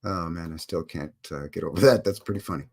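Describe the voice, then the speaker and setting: A man's voice: low voice, fast, creaky, darkish tone. A man with a Canadian accent hosting a casual live stream, chatty and jokey with plenty of self-deprecating asides.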